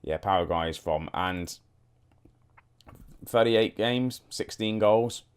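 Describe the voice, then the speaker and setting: In a smooth, fairly low voice and at a slow pace, a young man chats through his football management game for his YouTube audience. He thinks aloud and speaks directly to the people watching.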